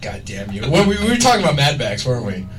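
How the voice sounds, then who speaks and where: A man's voice: mid-range voice, fast talker. Drunk giggly man in a crowded bar. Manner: giggly, loud, excitable. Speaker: podcast co-host. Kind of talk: casual tipsy bar chat. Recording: distant mic with a crowd behind.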